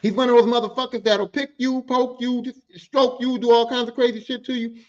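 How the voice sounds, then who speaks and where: A man's voice: very high voice, little pitch movement, a little fast, muffled recording. A man telling rowdy work stories on a podcast, casual and profane, often breaking into quoted voices. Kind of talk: casual storytelling.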